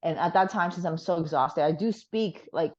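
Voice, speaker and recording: A woman's voice: fairly low pitch, moderate pace, muffled recording. Laughing, swearing woman telling a story. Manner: animated, laughing storyteller who swears casually. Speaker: guest. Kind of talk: casual storytelling chat.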